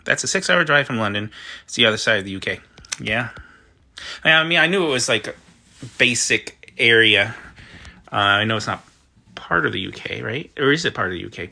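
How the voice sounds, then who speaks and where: Hosting a laid-back livestream, this American man chats away, reads viewers' comments and usernames aloud as they arrive, and reacts to them. His voice is medium in pitch, creaky and bright, with a forceful edge.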